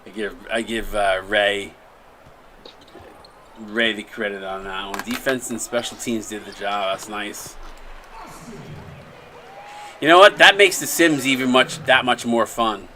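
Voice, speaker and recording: A man's voice: fairly low pitch, unhurried, long pauses, sharp tone, a little hiss or hum. A man hosting a live stream, calling a simulated basketball game and chatting casually with a co-host and viewers, rambling and restarting his sentences. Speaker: play-by-play caster and stream host.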